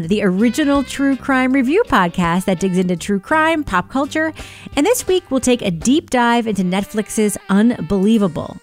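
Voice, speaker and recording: A woman hosting a true crime podcast, playful and teasing, laughing easily with her co-hosts. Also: mid-range voice. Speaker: podcast host. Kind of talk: casual podcast chat.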